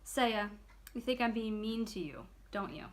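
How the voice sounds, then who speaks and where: A woman's voice: on the high side, animated, measured pace. A stern, no-nonsense schoolteacher, as a woman reader puts her on, firm in tone and given to grumbling under her breath. She comes across as a strict storybook teacher, lightly voiced. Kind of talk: children's book read aloud.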